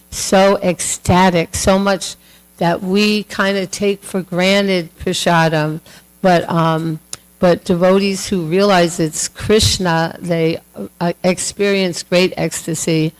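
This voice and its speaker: A woman's voice: fairly low pitch, fairly even intonation, takes it slowly, clear, resonant tone, rough recording. A woman telling a devotional story to a class in a chatty, casual way with many fillers, acting out the voices. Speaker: class speaker.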